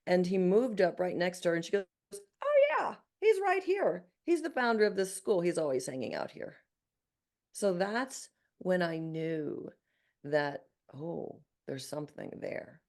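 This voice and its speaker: A woman in her sixties from Arkansas with a Southern accent, a guest telling her life story in an earnest, animated way with frequent restarts. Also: lowish voice, measured pace. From Arkansas, USA. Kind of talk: storytelling in an interview.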